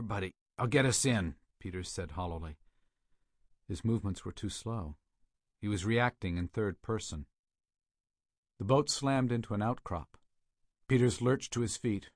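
A man narrating a thriller audiobook in a steady, measured way, on a close studio mic. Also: on the low side, no room sound.

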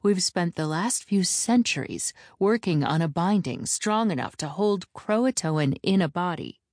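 A woman's voice: on the low side, expressive, a little slow, darkish tone, no echo, studio quality. A woman voicing a stern, commanding female elder witch who speaks in clipped, authoritative lines in an audiobook.

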